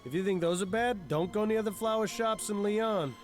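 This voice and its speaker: An actor voicing an easygoing, joking detective partner in a game, speaking in a wry, jokey way. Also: male voice, high voice, moderate pace, music in the background, close to an everyday voice. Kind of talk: voiced game dialogue.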